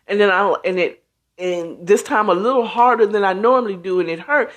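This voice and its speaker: A woman's voice: mid-range voice, animated, fairly quick. A woman hosting a casual talk show, speaking emphatically and acting out quoted reactions as she goes. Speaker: host.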